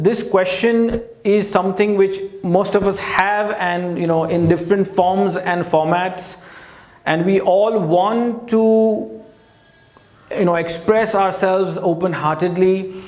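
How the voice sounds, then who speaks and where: A man's voice: sits high, a little mellow, roomy sound. A man giving a life-coaching talk at a teaching board, earnest and direct, often saying "you know".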